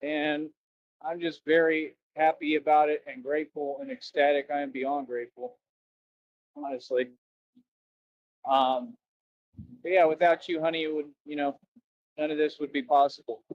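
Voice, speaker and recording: A man's voice: fairly high pitch, little pitch movement, moderate pace, pauses often, no room sound, lo-fi sound. A man livestreaming outdoors near a road, rambling and repeating himself as he chats to viewers. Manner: rambling and repetitive, keeps saying "that's right". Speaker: livestreamer asking viewers for donations. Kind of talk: casual rambling livestream chat.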